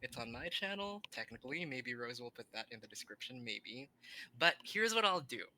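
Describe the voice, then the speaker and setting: A podcast co-host in casual chat, excitable and breaking into loud, high laughs. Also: normal speed, slight background noise, rough recording.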